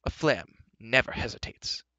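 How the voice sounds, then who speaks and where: A man's voice: a little slow, sharp tone, no room sound. A man putting on a boastful bard. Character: boastful male wandering bard.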